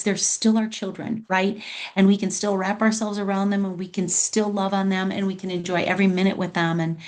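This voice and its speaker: A middle-aged woman, a product specialist, presenting wellness tips in a live online talk, speaking warmly and emotionally straight to her listeners. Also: medium pitch.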